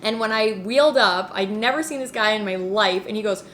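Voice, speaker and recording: A woman's voice: medium pitch, brisk, slight background noise. A woman hosting a casual chat, telling stories with lots of fillers and laughter. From Canada. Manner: animated, laughing storyteller with many "like" fillers. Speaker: host.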